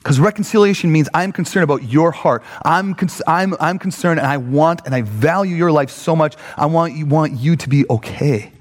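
Male pastor, fairly high voice, comic storyteller, long hall reverb. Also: normal speed, few pauses. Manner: animated, jumps into high mock voices for quoted people.

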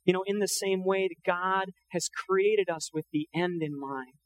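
A man's voice: sits high, moderate pace, slight background noise, poor audio. A man preaching a sermon in an earnest, conversational way, often quoting scripture. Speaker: pastor.

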